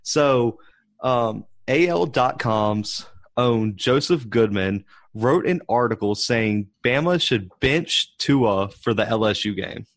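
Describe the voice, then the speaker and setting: A young man, co-hosting a casual sports podcast and launching into animated, worked-up rants. His pitch is right in the middle for a man. The sound is dry and close to a desk mic. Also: takes it slowly, no echo. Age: young adult. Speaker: podcast co-host. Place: home setup, rolling desk chair. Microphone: desk microphone.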